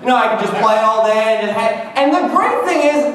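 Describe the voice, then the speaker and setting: Joking canadian guy in his 20s, high voice, sounds far off in a super echoey room. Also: expressive, fairly quick, fairly bright tone. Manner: joking, self-mocking, wry. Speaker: vlogger. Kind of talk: casual comic monologue.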